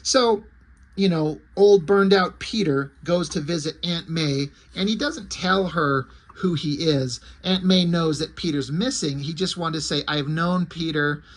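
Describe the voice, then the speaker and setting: A man's voice: on the high side, unhurried. A man casually recapping a comic book story, rambling with asides along the way. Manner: rambling and conversational, with asides and fillers.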